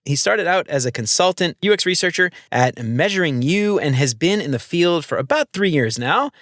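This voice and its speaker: A man's voice: fairly high pitch, very animated, normal speed, fairly bright tone, dry recording, clean studio sound. A man hosting a casual podcast, upbeat and laid-back with slangy greetings. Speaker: podcast host.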